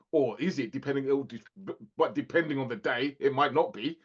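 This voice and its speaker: A man's voice: medium pitch, brisk, husky, lo-fi sound. A man co-hosting a podcast in casual chat, laughing often and restarting his sentences. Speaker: podcast co-host.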